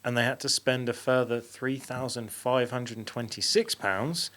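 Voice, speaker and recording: A man's voice: mid-range voice, fairly even intonation, unhurried, fairly bright tone. A man hosting a paranormal podcast, laughing often as he reads out a story with mock drama. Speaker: podcast host. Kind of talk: casual chat, reading a story aloud.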